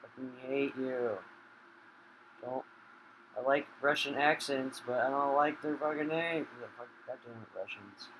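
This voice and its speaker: A man giving casual gaming commentary while he plays, swearing a lot and flaring into loud rage. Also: mid-range voice, fairly even intonation, a little slow, pauses often, slight background noise, rough recording. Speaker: gamer.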